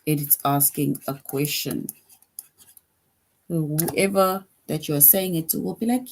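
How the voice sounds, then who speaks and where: A woman's voice: low voice, unhurried, a little mellow. A woman teaching a grade school grammar lesson, patient, repeating each point and often checking in with "right?".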